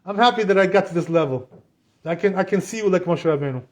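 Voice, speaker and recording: Rabbi, man, high-pitched; lively storyteller who acts out the dialogue. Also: fast talker. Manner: animated retelling, acts out dialogue, frequent "you know". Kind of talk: storytelling Torah class.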